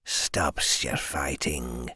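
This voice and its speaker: A hulking scaly lizard man in a fantasy audiobook, his voice sunk very low, gravelly and breathy. He drags out his broken, ungrammatical words at a crawl, all looming threat. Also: steady tone, bright, forceful tone, no echo, in a whisper, studio quality, heavily acted. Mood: menacing. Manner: broken grammar, slow hissing menace. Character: menacing male lizard man captor.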